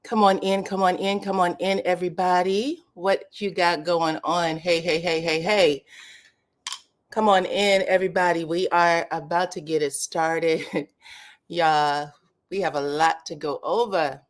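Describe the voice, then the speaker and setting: A woman hosting a live commentary stream, chatting casually and greeting viewers one by one in drawn-out welcomes. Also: lowish voice, fairly even intonation.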